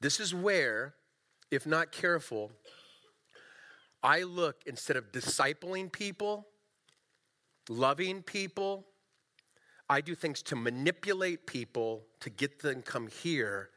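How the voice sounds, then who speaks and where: A middle-aged man preaching in a loose, chatty way, full of asides and jokes at his own expense. His voice sits fairly high for a man and has a bright, forward edge. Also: slow pace, pauses often. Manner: conversational, animated, self-deprecating preaching. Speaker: pastor. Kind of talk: sermon.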